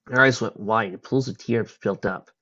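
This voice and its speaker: A man's voice: lowish voice, moderate pace, sharp tone. A man reading fan fiction aloud in a plain manner, with some slips. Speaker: audiobook reader. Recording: dull lo-fi recording.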